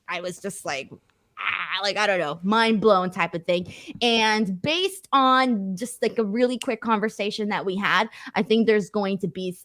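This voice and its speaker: A woman hosting a casual wrestling talk show, chatty and quick to laugh, reading viewer messages aloud. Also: medium pitch, a bit bright. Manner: chatty, laughs easily, self-correcting. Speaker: host. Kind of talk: casual chat, reading super chats aloud.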